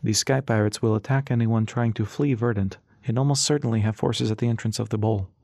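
A man voicing an older, white-haired stranger who speaks in a measured, formal and sly way. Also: fairly low pitch, fairly even intonation, gravelly, a little mellow, no echo, studio quality.

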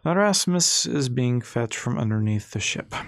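Man doing a wry deadpan attendant. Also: medium pitch, normal speed, no echo, close to an everyday voice. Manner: dry, amused deadpan.

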